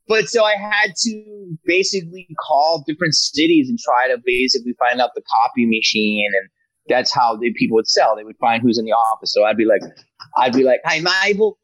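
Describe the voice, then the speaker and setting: A man, a comedian guest on a podcast, telling animated stories in casual chat and slipping into character voices. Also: medium pitch, moderate pace, no room sound, poor audio.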